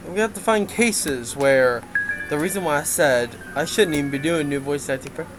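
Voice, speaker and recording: A man's voice: on the high side, moderate pace, over music, poor audio. A man giving a casual game development update, rambling with lots of fillers and frequent laughs.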